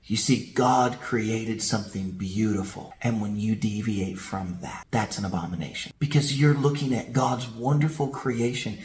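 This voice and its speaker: A man's voice: mid-range voice, unhurried, slight background noise. A male pastor preaching a sermon, telling stories vividly and asking rhetorical questions. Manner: animated storytelling with rhetorical questions. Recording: roomy echo.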